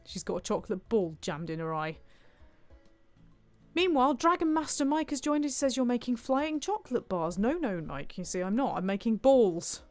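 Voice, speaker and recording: A woman's voice: on the high side, sing-song, moderate pace, a little mellow, no room sound, faint music behind. A woman streaming a cooking game, chatting playfully and reading viewer comments aloud. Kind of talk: casual gameplay commentary.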